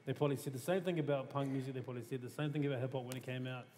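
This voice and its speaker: A man's voice: medium pitch, steady tone, racing, darkish tone. A man with a New Zealand accent speaks on a panel in an emphatic, casual way. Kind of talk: panel discussion. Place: museum hall. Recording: reverberant hall, faint hiss.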